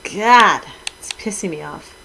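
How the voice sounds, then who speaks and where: On poor audio with slight background noise, a middle-aged Twitch streamer chats casually with viewers while gaming and exclaims with mild minced oaths. Her fairly low voice is animated, slow, pushed, and bright, with vocal fry.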